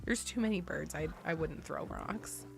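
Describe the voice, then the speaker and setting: An American woman streaming, chatting casually with viewers, giggly and chatty and loudly excitable. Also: low-pitched, moderate pace, creaky, music in the background.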